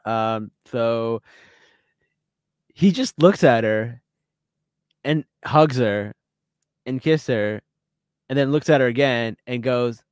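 Guy on a podcast recapping a dating show, laughs a ton, slow easy pace, super dry close sound. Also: medium pitch, clear, resonant tone, no echo. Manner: animated storytelling, laughs often, quick reenacted quotes. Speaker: podcast co-host. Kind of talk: casual recap chat.

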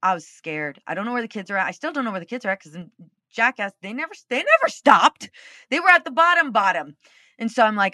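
A woman's voice: on the high side, sing-song, quick pace, bright, forceful tone, dry recording, clean studio sound. A woman hosting a podcast, telling a personal story in a casual, candid way and swearing freely. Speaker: podcast host.

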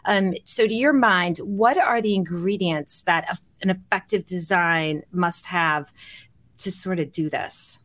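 A woman's voice: fairly low pitch, unhurried, fairly bright tone. A woman hosting a podcast interview, talking in a friendly, rambling way with many ums and small laughs. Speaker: podcast host.

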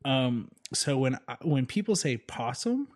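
A man's voice: mid-range voice, big pitch swings, unhurried. Rambling, joking man in casual chat. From Southern United States. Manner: rambling, joking, trails off with fillers. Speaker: podcast co-host.

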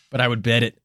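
A man's voice: medium pitch, fairly bright tone, no room sound. A man co-hosting a casual podcast, rambling and swearing as he jokes through his points. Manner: rambling, profane, joking. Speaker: podcast co-host.

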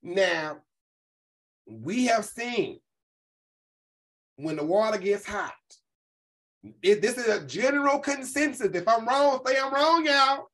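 Woman ranting on her chat show, loud and animated, lots of swearing, mimics people. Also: fairly high pitch, slow pace, long pauses, poor audio. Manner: animated, profane, quotes people in voices. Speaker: host. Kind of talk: casual commentary.

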